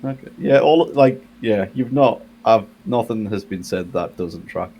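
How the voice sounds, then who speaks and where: A man playing in a tabletop game session, talking slowly and hesitantly with a wry tone. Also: lowish voice, expressive, muffled recording. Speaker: player. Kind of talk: casual chat in a game session.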